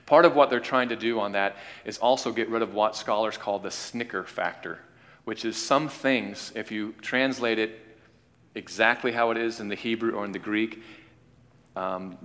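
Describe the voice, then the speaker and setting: A man teaching an informal class on Bible translation, talking in a halting way with frequent restarts and repeated words. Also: lowish voice, a bit bright. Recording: long hall reverb.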